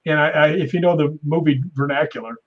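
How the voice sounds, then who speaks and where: A man in his fifties, a stuntman guest on a talk show, telling animated anecdotes with sound effects and chuckles. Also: fairly high pitch, fast. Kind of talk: casual interview storytelling. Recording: dull lo-fi sound.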